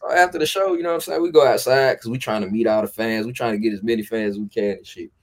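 A man's voice: fairly low pitch, fast talker. A man chatting as a podcast guest, telling loose, profane stories in a laid-back way. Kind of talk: casual storytelling chat.

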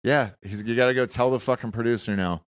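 A man's voice: mid-range voice, quick pace, clear, resonant tone, dry recording. A man co-hosting a podcast, talking bluntly and profanely in casual chat, recorded on a dry close mic. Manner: profane, blunt, animated storytelling. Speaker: podcast co-host.

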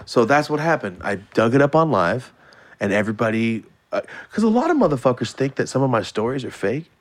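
A man in his late twenties telling a story in casual podcast chat, animated and swearing freely. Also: mid-range voice, a little fast. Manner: animated, swears freely, acts out quoted voices.

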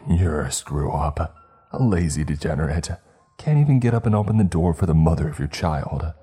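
A man voicing a creature that mimics a young woman's voice, speaking softly and sweetly, then spitefully. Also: low voice, animated, measured pace, breathy edge, faint music behind, full character voice. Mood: spiteful, shrill.

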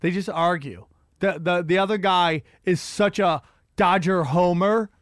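A man's voice: high voice, unhurried, no echo, clean studio sound. A man hosting a podcast, rambling and profane in a casual comedic rant. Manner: rambling, profane, animated storytelling. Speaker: podcast host.

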